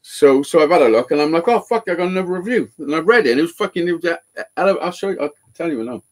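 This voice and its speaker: A man who repairs guitars, telling a story in casual live-show chat with lots of swearing and excitement. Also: a little high, quick pace.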